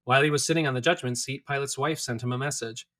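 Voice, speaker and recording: A man reading scripture aloud in a steady, clear manner. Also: medium pitch, fast. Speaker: scripture reader.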